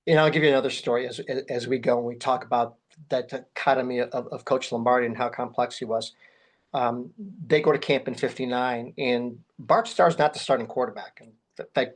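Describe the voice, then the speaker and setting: A man guest telling a long story in an interview. He talks at a middling pitch and swings sharply higher whenever he acts out someone's words. His delivery is animated and full of restarts. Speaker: guest, memorabilia collector.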